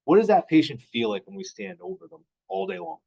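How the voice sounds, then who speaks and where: A physical therapist lectures his class conversationally, asking them questions and acting out anecdotes. His voice sits high and is expressive, brisk, a little mellow, and slightly rough with vocal fry, though the audio is poor.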